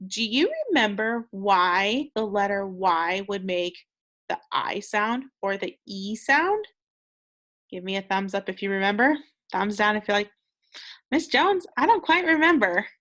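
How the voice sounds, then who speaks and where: A woman's voice: medium pitch, measured pace, fairly bright tone. A young woman teaching second graders a recorded phonics lesson, patient and encouraging, sounding out words with care.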